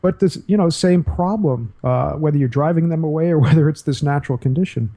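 An earnest man talks as a show guest, laying out his ideas in a loose, conversational way. His voice is very dark and mellow, with a husky edge. He often circles back and restarts his sentences. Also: a little high, brisk. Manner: earnest, explanatory, many restarts. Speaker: guest leadership speaker. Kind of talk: casual interview talk.

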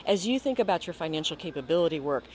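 A foundation leader, a woman, is the guest in a conversational interview, speaking earnestly and repeating points to stress them. She talks fast in a deep, slightly mellow voice with lively intonation.

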